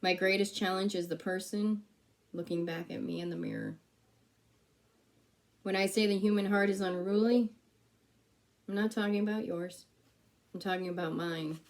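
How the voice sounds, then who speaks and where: A woman's voice: mid-range voice, fairly even intonation, moderate pace, long pauses. A woman giving a sermon in a church, speaking conversationally and telling a personal story with quoted back-and-forth dialogue. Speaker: preacher.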